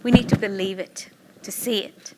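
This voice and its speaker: A middle-aged woman giving a personal storytelling talk, animated and laughing, acting out excited quotes. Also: medium pitch, moderate pace, very noisy. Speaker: speaker giving a public talk.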